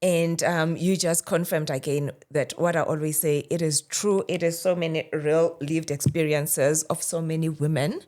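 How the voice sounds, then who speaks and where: A South African woman with a notably low voice hosts a podcast interview. She speaks with empathy and keeps affirming her guest as the guest talks. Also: fairly even intonation, moderate pace, hardly any pauses, darkish tone. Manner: empathetic, frequent affirming murmurs. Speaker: host.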